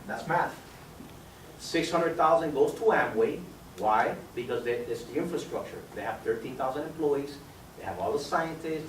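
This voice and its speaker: A man giving a persuasive sales pitch at a meeting with guests, quizzing listeners by name with numbers and questions. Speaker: business opportunity presenter. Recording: echoey room, mic far off, faint background noise.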